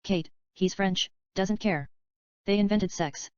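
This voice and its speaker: A woman reading the part of a teasing, provocative actress in her own plain, even voice. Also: medium pitch, slow, clear, resonant tone, no room sound, lightly acted. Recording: dull, slightly lo-fi dry recording.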